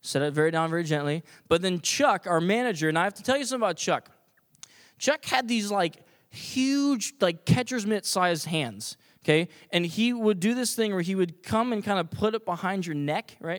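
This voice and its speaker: A man telling a personal story to an audience in an animated, self-deprecating way, full of fillers and restarts. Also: high voice. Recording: long hall reverb.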